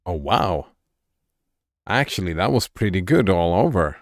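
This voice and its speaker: Deep gravelly man streaming a game. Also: big pitch swings, unhurried, dry recording, clean studio sound. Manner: chatty, thinks aloud and talks to chat. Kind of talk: casual gameplay commentary.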